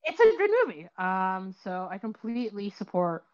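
Podcast host, woman, lively storyteller, slightly muffled audio. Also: medium pitch, normal speed. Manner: animated storytelling, acts out quotes, many fillers. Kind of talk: casual chat about films.

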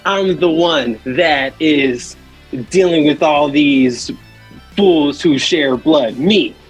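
A man's voice: fairly high pitch, slow, slightly rough, soft background music. A man voicing a self-important male wrestler in a rambling, boastful monologue. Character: self-important male wrestler bragging about his comeback.

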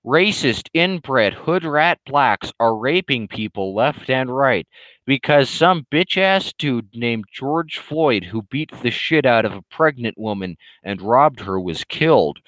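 A man voicing a belligerent, loudmouthed male internet troll in a higher, louder, slow and drawn-out ranting voice. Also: animated, no echo, low-quality recording. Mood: mocking rant. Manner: ranting, insulting, drawn-out emphatic delivery.

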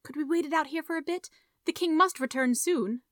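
A woman voicing an anxious, gentle young woman in a storybook reading. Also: high-pitched, a little fast, dry recording, studio quality, pitched above the performer's own voice. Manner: pleading, soft-hearted.

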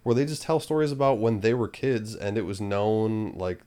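Podcast co-host, woman, very low pitch, casual rambling delivery. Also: fairly even intonation, moderate pace, dark tone. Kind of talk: casual chat.

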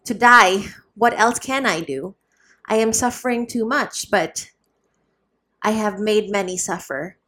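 A sick old friar, gloomy and worn out, sighing his way through slow, heavy words in an audiobook, as a woman reads him. His voice sits at an ordinary middle pitch. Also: sharp tone. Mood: weary.

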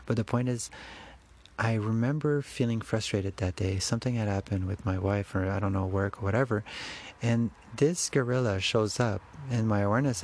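A man's voice: on the low side, moderate pace, darkish tone, a little hiss or hum. A man giving an earnest, rambling personal spiritual monologue, often restarting his sentences.

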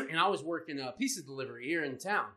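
A man with a slightly high voice talks fast while co-hosting a casual podcast. He tells a story full of swearing, animatedly acting out the other people in it.

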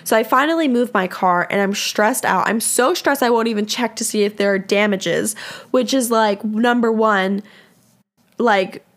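A young woman from San Diego, California, telling a story on her podcast in an animated, profane, self-deprecating way. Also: a little high, moderate pace. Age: young adult. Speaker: podcast host. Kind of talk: casual storytelling monologue.

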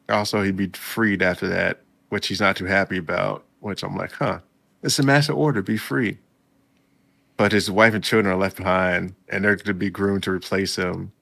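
A man's voice: deep voice, vocal fry, fairly bright tone. A man casually recapping a story for his viewers, chatty and laid-back, breaking in with reactions. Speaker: video host recapping a story.

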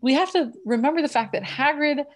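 A woman's voice: high-pitched, a little fast. A woman co-hosting a podcast, chatting casually about a book and retelling its scenes. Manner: retells scenes, acting out quotes. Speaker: podcast co-host.

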